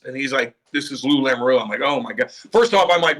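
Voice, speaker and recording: A middle-aged man with a bright, forceful voice spins animated stories in a casual podcast chat. He acts out every quote, swears freely, and keeps the tale rolling with lively energy. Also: mid-range voice, brisk. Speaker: former pro hockey player, guest.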